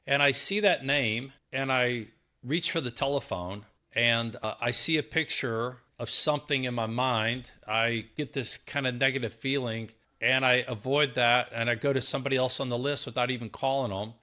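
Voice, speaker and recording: A man hosting a sales podcast, telling a personal story in a chatty, animated way and often repeating his words. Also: medium pitch, normal speed. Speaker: podcast host. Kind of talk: casual interview chat.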